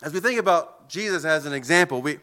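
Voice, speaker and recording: A man's voice: a little high, expressive, fast, bright, forceful tone. A man preaching a sermon in an earnest way, often repeating words as he goes. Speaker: pastor.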